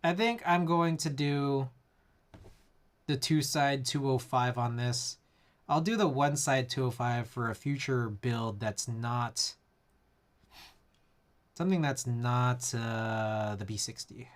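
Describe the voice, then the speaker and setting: A man talks loosely to his live chat while working through a keyboard build. His pitch sits in a mid range, and he rambles with lots of "like" fillers and frequent chuckles. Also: slow pace, pauses often. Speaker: livestreamer.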